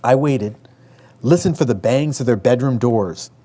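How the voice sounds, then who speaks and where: A man from Western New York reads from his own memoir at a measured, steady pace. His voice is dark and mellow, with a middle pitch. He raises it sharply when he quotes family members. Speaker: author reading his memoir. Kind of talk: memoir reading.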